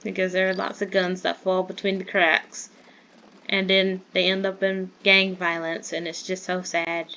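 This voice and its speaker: In this casual Minecraft commentary, a Southern United States woman chats in a rambling way and is quick to get startled. She has a medium-pitched, slightly bright voice, and the recording's high frequencies are cut off.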